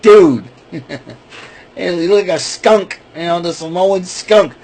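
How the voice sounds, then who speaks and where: A man's voice: sits high, slow pace, darkish tone. A man hosting a casual wrestling recap, rambling and stumbling over names and laughing at his own jokes. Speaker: podcast host.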